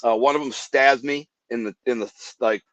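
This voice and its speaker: Speaking at a normal speed in a mid-range voice with fairly even intonation, a man rambles vividly through an intense, dramatic story from his own life, acting out the voices of the people he quotes. The podcast audio is dull and dry.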